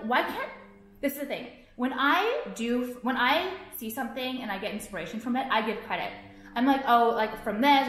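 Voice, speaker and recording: A woman's voice: fairly high pitch, a bit bright. A young woman vlogging to her viewers, ranting in a profane, exasperated way and filling her talk with "like". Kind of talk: casual ranting to camera. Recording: echoey room.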